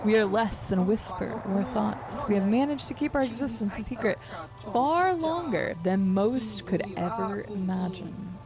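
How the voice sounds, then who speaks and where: A woman reading out the lines of a secretive male bounty hunter recruiter in a video game, measured and solemn. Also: mid-range voice, animated, over music, voice pushed up, close to an everyday voice.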